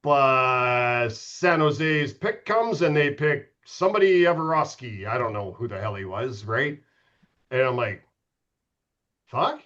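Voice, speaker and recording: A man's voice: medium pitch, expressive, a little slow, fairly bright tone. A middle-aged man spins loose, profane stories as a podcast guest, candid and mocking himself as he goes. His voice sits in an ordinary middle register, and the podcast audio is a little dull and lo-fi. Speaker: podcast guest, former pro hockey goalie. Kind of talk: casual storytelling.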